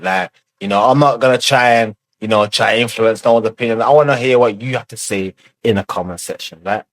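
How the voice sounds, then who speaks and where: A man's voice: lowish voice, moderate pace, dry recording. A man giving casual commentary as a reaction video host, loose and rambling, full of fillers and swearing.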